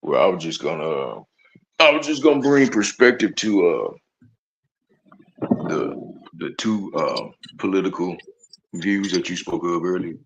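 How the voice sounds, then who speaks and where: A man calling into a stream, speaking in a halting, measured way with many pauses and fillers. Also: deep voice, sing-song, lo-fi sound, slight background noise. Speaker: caller. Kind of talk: casual chat.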